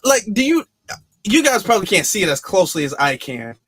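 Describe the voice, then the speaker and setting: A man hosting a casual online talk show, mocking and animated as he comments. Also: high voice, brisk. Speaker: podcast host. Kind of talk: casual chat.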